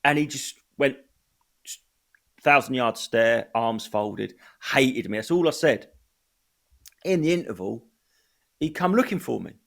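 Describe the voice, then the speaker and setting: A man's voice: medium pitch, lively intonation, a little slow, vocal fry, long pauses, fairly bright tone. Blunt man telling stories. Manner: blunt, swears freely, tells anecdotes. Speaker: stand-up comedian. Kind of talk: casual chat.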